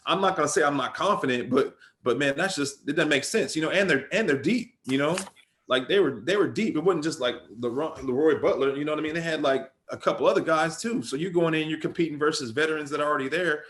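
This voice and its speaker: A man's voice: a little high, fast talker, fairly bright tone, slight background noise. A middle-aged man, a former pro football player, tells stories in a loose, casual interview and keeps dropping "man" and "bro.".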